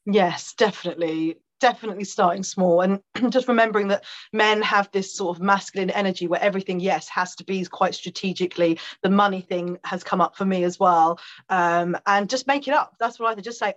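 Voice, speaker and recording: A woman guest on a podcast telling a personal story in a chatty, animated way, with fillers and quick laughs. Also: mid-range voice, dull audio. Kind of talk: conversational storytelling.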